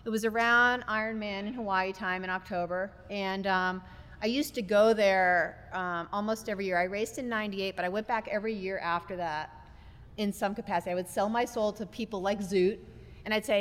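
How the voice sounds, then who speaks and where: A woman guest on a podcast, telling her story in a casual, animated way and acting out the lines of other people. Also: medium pitch, moderate pace, long reverb tail. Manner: animated, acts out quotes. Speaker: podcast guest, business founder.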